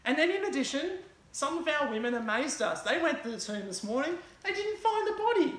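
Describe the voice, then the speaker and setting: A woman's voice: high-pitched, very animated, a little fast, reverberant, voice pushed up. A woman voicing a bewildered, grieving male disciple who pleads and asks urgent questions. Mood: urgent, dismayed.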